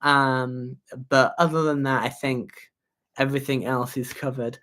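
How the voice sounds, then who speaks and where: A young adult hosting a casual livestream as a student union candidate, talking in a halting way with fillers and idle humming. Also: mid-range voice, fairly even intonation, fairly bright tone. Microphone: webcam or phone on a livestream.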